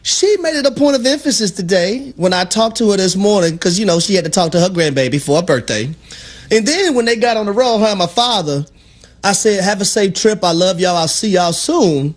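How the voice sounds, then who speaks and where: A man co-hosting sports talk radio with a high, swooping voice. He preaches playfully and tells his stories with exuberant, animated quoting. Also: a little fast.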